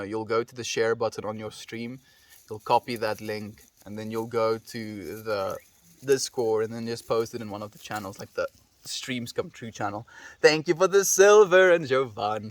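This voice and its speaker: A South African livestreamer runs a relaxed stream, reading viewers' messages aloud and replying to each one warmly and gently. His slightly low voice sounds dry and close, with no room around it.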